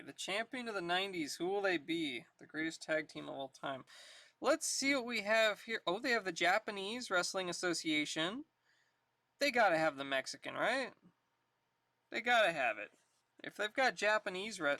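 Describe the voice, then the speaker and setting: A live streamer talks to viewers in an easygoing, unhurried way, thinking out loud and laughing often. The voice sounds slightly out of breath, bright and sharp, and the sound is dry, with no room echo. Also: mid-range voice. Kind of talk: casual live-stream chat.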